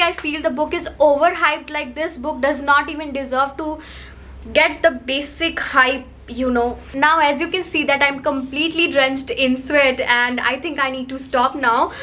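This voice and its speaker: A woman's voice: high voice, sharp tone. A woman reviewing a book to camera, talking in a heated, emphatic rant full of repetition.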